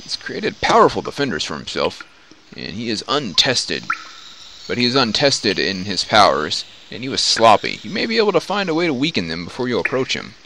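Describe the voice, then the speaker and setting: A man reading the lines of a weary, bitter exiled man from a computer role-playing game, halting now and then. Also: lowish voice. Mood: earnest. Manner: reads the game's dialogue aloud, halting. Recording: steady background noise.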